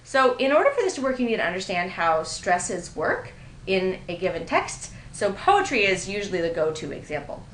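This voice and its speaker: In an echoey room, a woman teaching writing delivers a grammar lecture with a mid-range, fairly bright and very animated voice at a moderate pace. Amused, she reads out sample sentences, and there's a little hiss or hum on the recording.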